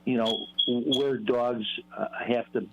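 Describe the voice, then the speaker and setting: A man calling in to a radio show, chatting casually with a halting manner full of fillers. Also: medium pitch, fairly even intonation, background noise. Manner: hesitant, many fillers and restarts. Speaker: caller. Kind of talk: casual phone-in chat. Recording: dull phone-line sound.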